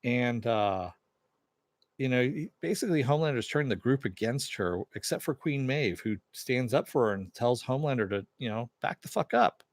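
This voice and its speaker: A man's voice: medium pitch, animated, moderate pace, no echo. A man talks through a TV episode in an easygoing, rambling recap, leaning on fillers as he goes. His voice sits in an ordinary middle range. The sound is dry and close, with no room around it. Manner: loose, rambling retelling full of fillers. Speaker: TV episode reviewer. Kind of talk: casual spoken recap.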